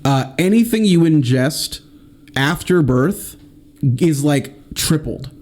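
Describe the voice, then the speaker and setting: Mellow-voiced young man in casual chat. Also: on the high side, expressive, slow pace. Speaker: podcast co-host.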